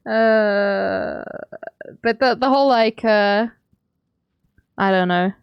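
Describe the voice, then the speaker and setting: This South African woman speaks extremely slowly at a medium pitch, with vocal fry and long pauses, yet her tone is clear and resonant. She rambles and laughs frequently in casual chat while streaming a game from home, and the audio is dull with no room sound.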